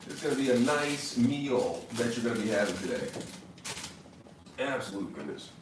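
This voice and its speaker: A man's voice: medium pitch, lively intonation, fairly quick, noisy background. A man doing a casual cooking demo in his kitchen, hamming it up with mock-serious tips and repeated catchphrases. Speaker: cooking vlogger. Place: home kitchen.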